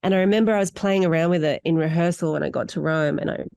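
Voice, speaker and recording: A middle-aged Australian woman, an actor, telling stories in an interview with animated, candid delivery. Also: fast, gravelly, smooth, no echo. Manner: animated, candid storytelling with wide pitch swings. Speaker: actor guest. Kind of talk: interview conversation.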